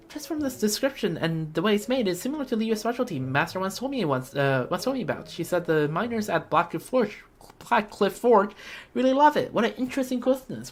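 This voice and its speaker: A woman voicing a cheerful, earnest young girl traveler in a game, speaking brightly. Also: medium pitch, close to an everyday voice. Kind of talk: game character voice line.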